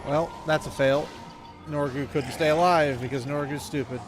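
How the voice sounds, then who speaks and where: A man's voice: fairly high pitch, fairly even intonation, normal speed, over music. A man streaming a video game, chatting casually and rambling with plenty of fillers. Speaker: gaming streamer. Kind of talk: casual chat while playing a video game.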